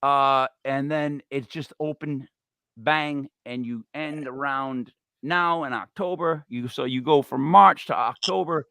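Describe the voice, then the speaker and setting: A man hosting a talk show, rambling and joking in an animated, digressive way. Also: medium pitch, measured pace, creaky, smooth, no room sound, studio quality. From Italian-American. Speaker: podcast host.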